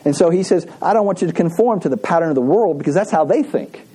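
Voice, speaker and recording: A man's voice: a little high, fast talker, mellow, husky, rough recording. A man preaching a conversational sermon to his congregation. He repeats key phrases and asks the room to read scripture aloud with him. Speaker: pastor. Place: church service.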